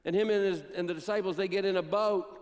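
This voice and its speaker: High-voiced pastor retelling Bible stories. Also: male voice, steady tone, darkish tone, long reverb tail. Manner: storytelling, acts out Bible quotes with dramatic pauses. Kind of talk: sermon. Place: church sanctuary.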